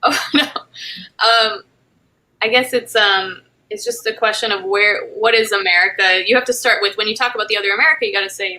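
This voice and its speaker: A woman's voice: medium pitch, steady tone, brisk, bright, forceful tone, low-quality recording. A woman moderating a casual panel conversation, thinking aloud with loose phrasing and frequent fillers.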